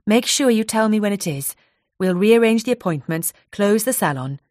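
A woman voicing a kind hairdresser who speaks gently and reassuringly. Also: medium pitch, expressive, moderate pace, dry recording, studio quality, voice pushed up, close to an everyday voice. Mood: gentle.

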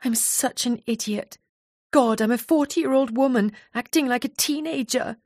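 A woman's voice: lowish voice, measured pace, vocal fry, darkish tone, no room sound, studio quality. A woman voicing a tearful, self-critical woman of forty in an audiobook. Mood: upset.

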